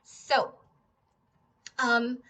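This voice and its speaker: A young woman with a slightly higher-than-average voice teaches singing in a casual, chatty way. She stops now and then to sing short demonstration notes. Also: completely flat delivery, very slow, pushed and bright. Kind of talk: casual vocal lesson.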